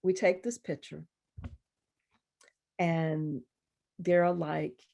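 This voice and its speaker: Woman guest poet, gravelly voice, animated storyteller who acts out others' voices. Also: lowish voice, extremely slow. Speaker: guest poet at a university reading. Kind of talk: conversational storytelling.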